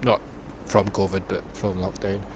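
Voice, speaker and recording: A man's voice: deep voice, little pitch movement, normal speed, muffled recording. A man from Glasgow with a Glaswegian accent, leaving a rambling, friendly voicemail for a podcast while walking outdoors by a river. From Glasgow, Scotland. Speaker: caller. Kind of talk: voicemail message. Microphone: phone. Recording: outdoor phone message with city noise. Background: traffic and street noise.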